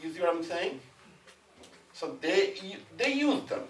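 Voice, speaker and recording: A man's voice: high voice, very animated, measured pace. A man from India teaching a Sanskrit class, talking loosely and conversationally and often checking with the students that they follow. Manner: conversational, often asks "you know what I'm saying?". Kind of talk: classroom lecture with discussion. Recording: echoey room, mic at a distance, faint noise.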